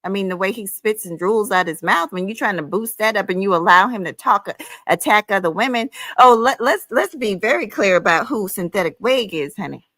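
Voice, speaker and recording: A woman's voice: mid-range voice, expressive, brisk, fairly bright tone, no echo. A woman hosting her own livestream, ranting heatedly in a sassy, profane, scolding way, calling listeners honey and child. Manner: emphatic, with frequent "honey" and "child". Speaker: livestream host.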